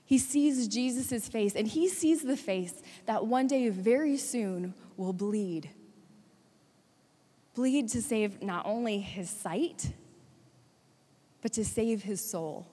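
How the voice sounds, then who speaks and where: A woman preaching a sermon, retelling a story with dramatic swings between hushed and urgent delivery. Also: a little high, breathy edge. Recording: long hall reverb.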